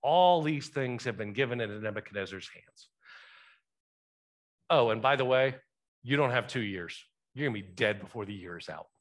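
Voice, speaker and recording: A man's voice: mid-range voice, animated, moderate pace. A male pastor preaching a sermon in a church, talking conversationally and asking the congregation questions. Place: church sanctuary.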